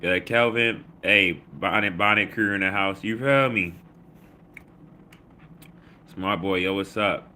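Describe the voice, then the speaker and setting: Low, bright-voiced man. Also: takes it slowly, pauses often, a little hiss or hum. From Baltimore. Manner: loose, slangy, reads chat comments aloud with shout-outs. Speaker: livestream host. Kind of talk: casual livestream chat.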